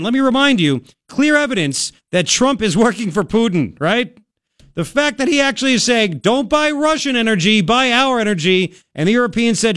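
A man hosting a talk radio show, giving sarcastic and animated commentary from a studio. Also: no room sound. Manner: sarcastic, animated, jumps between high and low tones. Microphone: studio mic.

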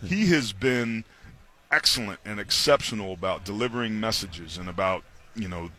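A man guest on a sports radio show, telling stories and imitating coaches with lively voice swings. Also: on the low side, normal speed. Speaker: guest, sports analyst and former football player. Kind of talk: animated radio interview. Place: radio row at a football event.

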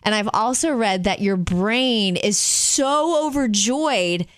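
A middle-aged woman co-hosting a show, telling stories in a lively, animated way. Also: mid-range voice. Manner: animated storytelling, quick asides. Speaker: radio show co-host. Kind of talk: casual chat.

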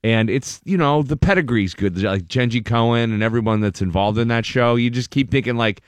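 A man in a casual chat, talking hesitantly with many pauses and ums. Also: mid-range voice, clean tone, dry recording.

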